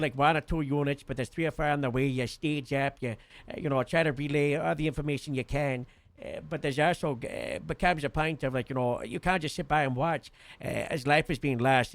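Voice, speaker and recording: Gravelly man giving a rambling briefing. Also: medium pitch, dry recording. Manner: rambling, full of "uh" and "you know". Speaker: police captain in a role-play. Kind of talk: casual briefing.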